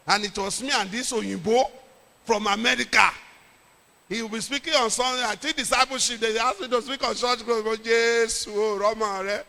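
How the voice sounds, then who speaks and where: A middle-aged Nigerian man, a pastor, telling a lively story in a sermon with jokes and pidgin. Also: very high voice, normal speed, gravelly, long reverb tail.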